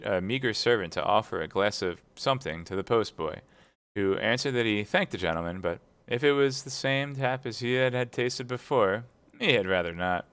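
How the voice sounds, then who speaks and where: Low-voiced man speed-reading a novel. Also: clear, resonant tone, no echo. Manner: brisk, steady reading. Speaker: reader.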